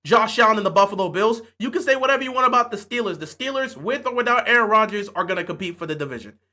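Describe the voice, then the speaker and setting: A man's voice: high voice, expressive, fast talker, bright, forceful tone. A man reacting live to a football game, trash-talking rivals with rhetorical questions and slipping into mock play-by-play calls. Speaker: sports fan watching a game live.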